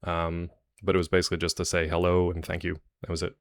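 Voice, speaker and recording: Deep-voiced chatty male streamer. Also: completely flat delivery, fast talker, dry recording. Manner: chatty, jokey, rambling asides to chat. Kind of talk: live stream chat with viewers.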